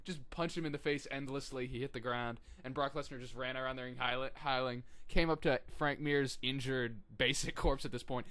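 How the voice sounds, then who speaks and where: A young man co-hosting a podcast, chatting casually, laughing often and shouting out quoted lines. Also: mid-range voice, steady tone, a little fast, hardly any pauses, clear, resonant tone, no echo. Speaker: podcast co-host. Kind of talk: casual chat.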